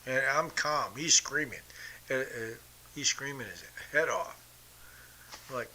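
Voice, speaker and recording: Middle-aged guy ranting on his podcast, swears a lot, super sharp tense voice. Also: medium pitch, expressive, a little slow, slight background noise. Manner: blunt, profane, combative. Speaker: podcast host. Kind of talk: casual storytelling monologue.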